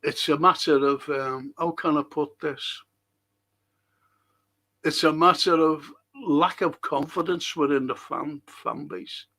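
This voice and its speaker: A man hosts a fan stream, reading viewer comments aloud and answering them bluntly. His voice sits high for a man, gravelly and bright. He talks slowly and swears a lot when he is fed up. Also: steady tone. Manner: blunt, exasperated, swears often. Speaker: host of a fan live stream.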